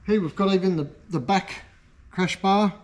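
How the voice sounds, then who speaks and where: A man's voice: high voice, moderate pace. A man hosting a casual product showcase vlog for his motorcycle parts shop, enthusiastic and easygoing. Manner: enthusiastic, easygoing, talks like a salesman.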